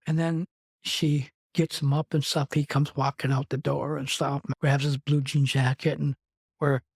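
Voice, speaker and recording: Interview guest: man from Wisconsin, slightly high, steady voice, recounting his life in a loose, run-on way. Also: measured pace, gravelly, slightly rough, no room sound. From Wisconsin, USA. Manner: rambling, conversational, strings clauses with "and". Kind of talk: personal storytelling in an interview.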